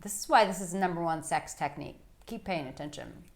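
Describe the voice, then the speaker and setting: A woman working as an intimacy coach, giving frank, playful instruction to men with animated asides. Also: lowish voice, brisk. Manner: blunt, playful and animated, with bursts of laughter and acted-out asides. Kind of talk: frank instructional talk to camera.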